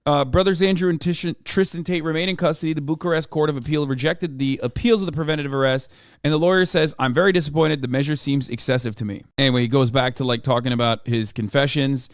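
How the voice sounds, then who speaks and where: Male streamer reacting to news, slangy and incredulous, kinda high voice, dry close sound. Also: fairly even intonation, clean tone, dry recording. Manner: incredulous, slangy, reads articles aloud quickly. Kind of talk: casual reaction commentary.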